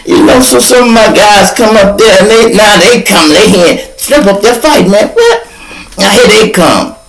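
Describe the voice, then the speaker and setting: An older man from Chicago hosting a podcast, telling a story in a casual, animated way, full of profanity and spoken sound effects. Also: high voice, moderate pace, gravelly, over music, rough recording. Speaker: podcast host.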